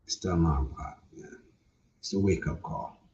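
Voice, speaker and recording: A man's voice: sits low, normal speed, warm tone, a little hiss or hum. A man hosting a casual livestream, laid-back, repeating his points and often ending with "man". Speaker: livestream host. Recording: distant, dull lo-fi sound.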